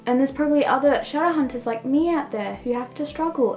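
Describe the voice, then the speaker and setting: A young woman with a somewhat high voice rambles through a casual book review, throwing "like" into nearly every thought. Faint music sits quietly under her talk. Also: brisk, hardly any pauses, rough recording. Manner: rambling, heavy use of "like".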